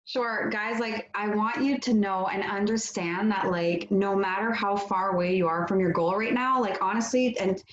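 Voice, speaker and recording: A woman's voice: mid-range voice, normal speed, hardly any pauses. A French-speaking woman, a guest on a live-stream interview, who talks casually and upbeat with many fillers. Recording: roomy, dull lo-fi audio.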